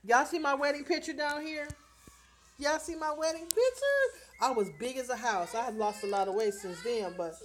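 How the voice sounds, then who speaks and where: A woman's voice: high voice, lively intonation, normal speed. A middle-aged woman, chatting casually on a livestream, reading viewer comments aloud and often laughing as she talks straight to her viewers. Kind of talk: casual live chat.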